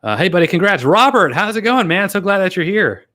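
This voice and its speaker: A man with a high, bright, forceful voice speaks briskly and very animatedly while hosting his YouTube live stream. He rambles through viewer comments with fillers and laughs, offering earnest, grateful thanks to donors.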